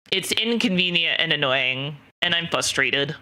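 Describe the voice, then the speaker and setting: Bright-voiced woman venting casually. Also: low-pitched, moderate pace, hardly any pauses. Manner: frank, rambling, lots of "like" fillers and swearing. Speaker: streamer. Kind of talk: casual chat with viewers.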